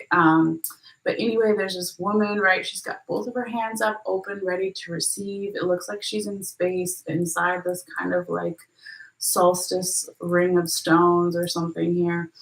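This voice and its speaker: Chatty woman reading tarot, echoey room. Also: on the low side. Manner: chatty, animated, tosses in "okay?" and "right?", laughs at her own slips. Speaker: tarot reader.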